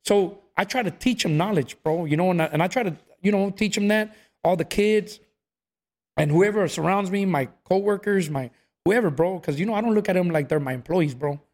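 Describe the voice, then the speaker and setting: A man's voice: high-pitched, fairly quick. A man telling stories in a casual chat, acting out what people said. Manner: animated storyteller, acts out quotes, says "bro" a lot.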